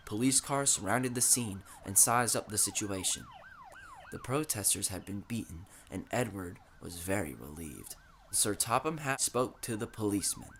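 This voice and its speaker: A man narrating a children's train story in an expressive, dramatic storytelling way. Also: on the low side, normal speed, a little hiss or hum.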